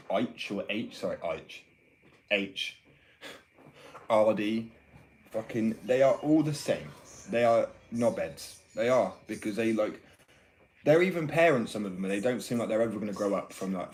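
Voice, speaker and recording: Sweary young man, low voice. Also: expressive, moderate pace, a little mellow, a little hiss or hum. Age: 20s. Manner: rambling, opinionated and sweary. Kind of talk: casual chat. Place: workshop room. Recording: echoey room, far from the mic, music behind.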